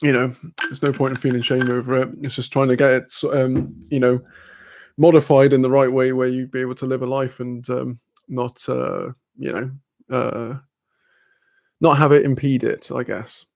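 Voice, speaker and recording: A young man chatting casually on a live stream, laughing often and filling pauses with ums. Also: mid-range voice, level tone, creaky, a little mellow.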